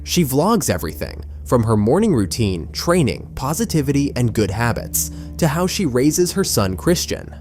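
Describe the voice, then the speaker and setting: A man's voice: mid-range voice, very animated, normal speed, few pauses, over music. A man narrating a documentary in a critical, emphatic storytelling manner. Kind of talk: scripted narration.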